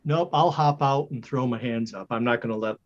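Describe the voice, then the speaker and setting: A man playing a tabletop game in a joking, animated way. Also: medium pitch, a little fast, dull audio. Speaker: player.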